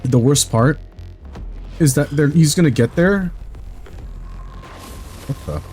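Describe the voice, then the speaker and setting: Animated man chatting through a game stream. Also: on the high side, slow pace, soft background music. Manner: rambling and jokey, swears freely. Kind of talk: casual chat while streaming a game.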